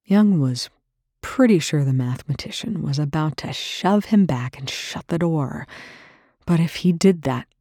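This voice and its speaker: A narrator reading a tense story aloud in a steady, dry storytelling manner. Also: mid-range voice, a little slow, no room sound. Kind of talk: scripted narration.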